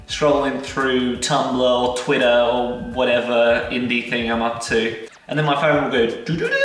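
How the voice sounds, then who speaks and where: A man's voice: medium pitch, pushed and bright. A young man in a casual comedic vlog, rambling in a jokey, self-deprecating way. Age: young adult. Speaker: vlogger. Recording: echoey room, far from mic, faint music.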